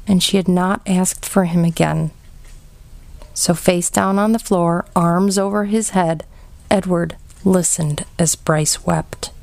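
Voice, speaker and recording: A woman reading a children's novel aloud in a gentle, measured storybook narration. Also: fairly low pitch, creaky, no room sound. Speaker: audiobook reader.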